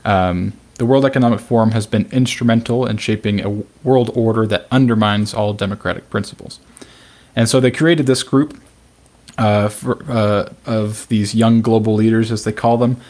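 A man co-hosting a podcast, talking in a relaxed, chatty way. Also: lowish voice, normal speed. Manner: relaxed, chatty, laughs along. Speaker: podcast co-host. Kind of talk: casual podcast discussion.

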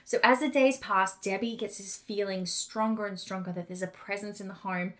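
Woman telling a ghost story on a podcast. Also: mid-range voice. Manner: casual and animated, with quick asides. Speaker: podcast co-host.

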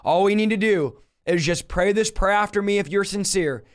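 A man voicing a smooth, soft-spoken complacent pastor in a mocking churchy tone. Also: sits high, moderate pace, pitched below the performer's own voice, close to an everyday voice. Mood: mock-soothing.

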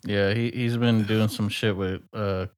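A fairly low-voiced man co-hosting a casual podcast. He laughs and swears freely, and his talk is relaxed and rambling. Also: unhurried, slight background noise. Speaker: podcast co-host. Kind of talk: casual comedic chat.

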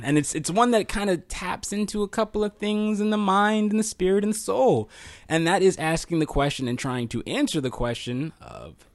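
A man co-hosting a casual podcast, excitable and quick to laugh as he thinks out loud. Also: sits high, no room sound. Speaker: podcast co-host.

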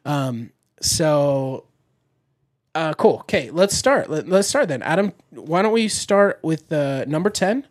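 A man's voice: on the high side, lively intonation, slow pace, dry recording, clean studio sound. A man hosting a casual podcast chat, upbeat and leading the talk. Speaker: podcast host.

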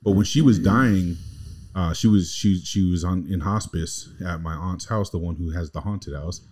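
A man's voice: sits low, normal speed, darkish tone. A man co-hosting a podcast, telling a long family story in a rambling, slangy, casual way. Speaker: podcast co-host.

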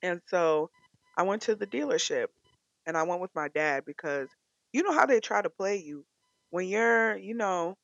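A young woman from California sharing an emotional, animated personal faith testimony. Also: lowish voice, normal speed, creaky, no echo, lo-fi sound. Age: young adult. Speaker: testimony speaker.

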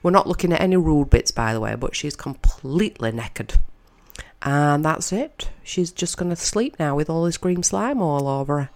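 Gravelly, chatty woman. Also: sits low, lively intonation, normal speed. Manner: chatty, wry, thinking aloud. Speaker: audio narrator. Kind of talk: casual film commentary.

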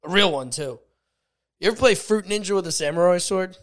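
A young man with a noticeably high voice co-hosts a podcast. He talks in loose, joking, rambling chat and often lets his sentences trail away. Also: fairly quick, fairly bright tone. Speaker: podcast co-host. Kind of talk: casual chat.

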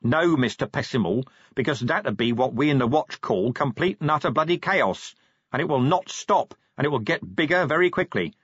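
A weary, gruff police commander, as a male narrator voices him, talking with dry sarcasm in a husky voice that moves a lot in pitch. The audiobook recording is dull and dry. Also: animated, normal speed, a bit bright, no room sound. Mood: firm. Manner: dry, sardonic.

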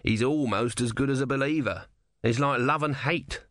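A man's voice: mid-range voice, normal speed, a bit bright, no echo, pitched above the performer's own voice, lightly acted. A man voicing a small god stuck as a tortoise, talking in a dry, worldly, scheming way in a storybook reading. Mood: wry. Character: small god trapped as a sardonic male tortoise.

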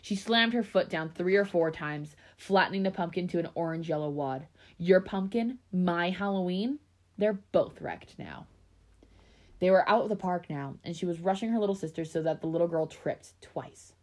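A woman's voice: fairly low pitch, normal speed. A woman reading a spooky children's story aloud, with small slips and restarts. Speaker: reader of scary stories.

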